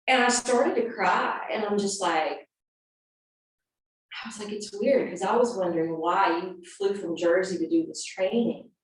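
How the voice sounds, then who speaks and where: A woman yoga teacher speaks in an earnest, animated way, first telling a story and then guiding students into a seated posture. Her voice sits at an ordinary pitch for a woman. It rings through a very echoey room and is picked up from some distance away from the mic. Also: measured pace. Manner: earnest and animated, acting out quotes. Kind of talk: storytelling and guided yoga instruction.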